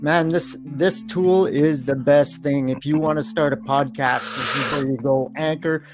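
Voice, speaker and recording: A man's voice: a little high, steady tone, unhurried, faint music behind. A Canadian man with a Canadian accent, a guest talking loosely and swearing, with frequent laughs. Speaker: podcast guest. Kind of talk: casual podcast chat.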